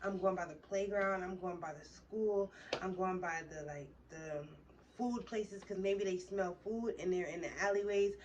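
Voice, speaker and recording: A woman's voice: medium pitch, normal speed, dull audio. A young woman vlogger tells a heated, rambling, profane story in a casual way. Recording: distant mic with faint background noise.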